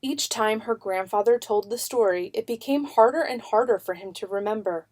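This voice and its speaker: A woman narrating a children's picture book in an unhurried, expressive way. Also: a little high.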